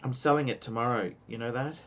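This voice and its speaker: A man from Australia hosting a casual watch-talk livestream, excitable and rambling. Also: mid-range voice, fast. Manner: excitable, rambling, reads out donations. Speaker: livestream host.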